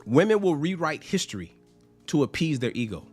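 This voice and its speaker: A man's voice: fairly high pitch, big pitch swings, moderate pace, breathy edge, faint music behind. A man giving a blunt opinion monologue to camera, emphatic and profane, acting out the people he quotes. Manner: blunt, emphatic, swears freely; acts out quoted people in mocking voices. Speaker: social commentator.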